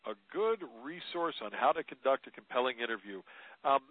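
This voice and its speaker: A man's voice: medium pitch, expressive, a little fast, dry recording. A man giving media-training advice in an interview, talking conversationally with emphatic repetition. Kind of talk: teleconference interview answers. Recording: tinny phone line, dry.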